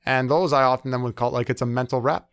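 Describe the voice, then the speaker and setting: A man's voice: mid-range voice, fairly even intonation, fast talker, a bit bright, smooth, no echo. A man in his thirties, a sport psychologist in a conversational interview, talking with many fillers and acting out quoted complaints.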